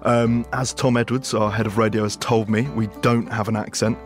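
A man from Brighton with that town's accent, speaking in an easygoing way. His voice is a little low. Faint music sits behind him. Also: little pitch movement, normal speed. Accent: Brighton, southern English. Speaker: magazine editor.

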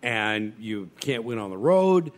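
A man's voice: lowish voice, big pitch swings, measured pace. A man hosting a casual sports talk chat, pressing his points about the team with rhetorical questions.

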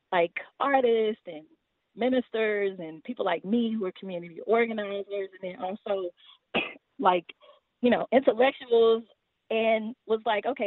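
A woman's voice: mid-range voice, dry recording. A woman from Houston, a community organizer talking earnestly as a podcast guest, with fillers and small laughs. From Houston, Texas. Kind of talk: casual podcast interview. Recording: tinny phone-like line.

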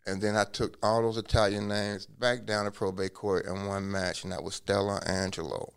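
A man telling his life story in a relaxed interview, acting out what people said to him. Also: lowish voice, moderate pace, gravelly, clean tone. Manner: acts out quoted dialogue in a lively way; casual, drops curse words. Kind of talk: conversational storytelling.

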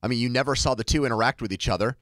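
A man co-hosting a sports talk show, making his points with wry humor. His voice sits at an ordinary middle pitch. The sound is dry and close. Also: rapid-fire, fairly bright tone, no room sound. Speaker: sports podcast co-host. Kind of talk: casual sports debate.

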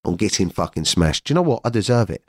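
A man's voice: lowish voice, lively intonation, fast talker, no room sound, clean studio sound. A man voicing the craving inner voice of a drinker, muttering and swearing as it talks itself into a night out. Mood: tempted, self-pitying.

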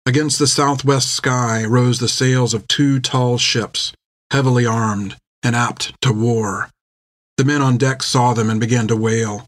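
A man reading an adventure novel aloud in measured, scripted narration on a close mic. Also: mid-range voice, steady tone, dry recording. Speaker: audiobook narrator.

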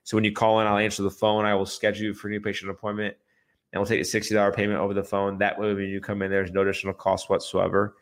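Male radio host, chiropractor, lower voice, punchy and rambling with restarts. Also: completely flat delivery, rapid-fire. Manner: emphatic, repetitive, restarts often. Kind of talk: casual radio talk.

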